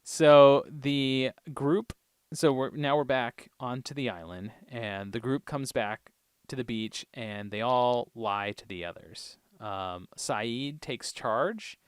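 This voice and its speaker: A man co-hosting a podcast, casually recapping TV episodes in a relaxed, rambling way with plenty of ums and uhs. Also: medium pitch, slow pace, clean tone, no room sound, studio quality. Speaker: podcast co-host.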